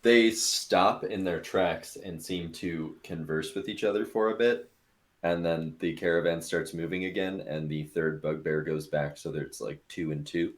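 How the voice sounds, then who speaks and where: A man's voice: low-pitched, steady tone, unhurried. A man narrating a tabletop game as game master in a casual, loose way. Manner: casual, filler-heavy narration.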